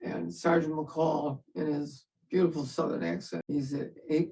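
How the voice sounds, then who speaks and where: A man's voice: on the high side, animated, moderate pace, creaky, few pauses, mellow, far from the mic, low-quality recording. An older man, a veteran, telling his story in an interview in a wry, self-mocking way and laughing at himself.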